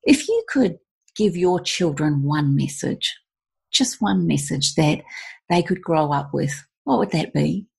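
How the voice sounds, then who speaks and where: Low, gravelly woman interviewer. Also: expressive, unhurried. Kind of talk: conversational interview.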